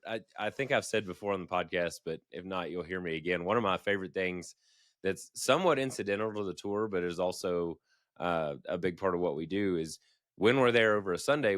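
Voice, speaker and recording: A man with a deep, low voice telling relaxed stories on a podcast, laughing lightly between points. The recording is dry and close, with no room sound. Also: no room sound. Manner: easygoing, chuckling storyteller. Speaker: podcast co-host. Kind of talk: casual storytelling chat.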